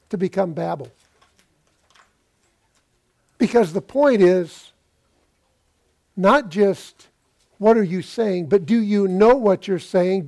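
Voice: mid-range voice, vocal fry, a little mellow. A pastor preaching a sermon, retelling a scripture story and asking the listeners rhetorical questions.

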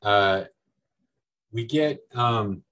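A man's voice: fairly low pitch, very slow, fairly bright tone, poor audio. Man, podcast guest, casual film chat, rambling, uh and um. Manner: loose, rambling, filler-heavy.

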